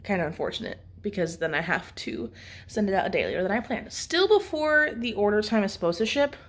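A woman's voice: medium pitch, big pitch swings, brisk. A young woman from California vlogging at home, chatty and self-deprecating, with a slightly stuffy nose. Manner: chatty, rambling, self-deprecating, laughs at herself. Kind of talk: casual vlog chat to camera.

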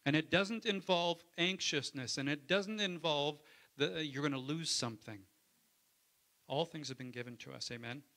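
A man preaching a Sunday sermon in church. His voice is bright and forward, and he keeps it conversational, calling out to the congregation for an amen. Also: a little high, normal speed. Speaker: pastor.

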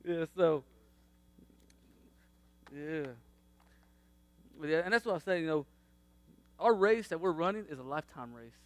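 A man, around his thirties, sharing a faith testimony about his family in a casual, animated way, laughing often and acting out what people said. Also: fairly high pitch, unhurried, pauses often, dry recording.

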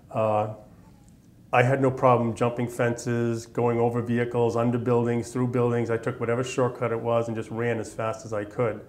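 A man's voice: mid-range voice, a little mellow. A man in his fifties from Massachusetts, telling his army memories in an oral history interview, rambling along with many fillers. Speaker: veteran interviewee.

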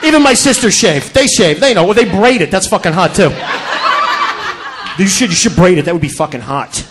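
Very high-voiced brash male comic. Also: expressive, brisk, noisy background. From Connecticut. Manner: crude, brash and profane, riffing at the crowd. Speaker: stand-up comedian. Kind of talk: stand-up routine. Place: comedy club stage.

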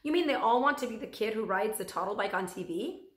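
A woman's voice: mid-range voice, lively intonation, fast talker, reverberant, natural voice. A woman voicing an eager, questioning young boy in a storybook read-aloud. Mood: curious.

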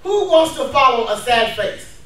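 High-voiced preacher in an echoey hall. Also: male voice, normal speed. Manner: energetic, laughing, calls for responses. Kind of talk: lively sermon. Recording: very echoey room from far off.

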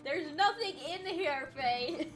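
Giggly, excitable streamer woman. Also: high voice, slow. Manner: excitable, giggly, swears freely. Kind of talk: casual live game stream chat. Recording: game music playing behind.

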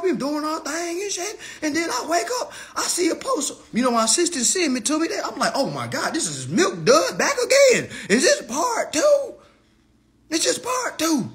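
High, animated man ranting. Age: 30s. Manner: heated, mocking, swearing freely, repeating lines for effect. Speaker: live-stream host. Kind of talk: profane roast rant on a live stream.

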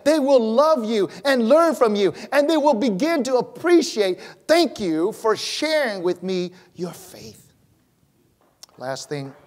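A pastor preaching a sermon in church, animated, swinging between loud emphatic lines and low quiet ones. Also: male voice.

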